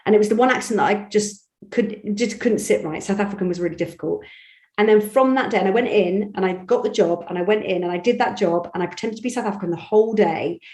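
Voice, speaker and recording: A woman from Bristol with a Bristol accent, an audiobook narrator chatting animatedly in an interview, telling stories with quick restarts. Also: medium pitch, a little mellow, roomy sound. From England. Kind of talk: conversational interview.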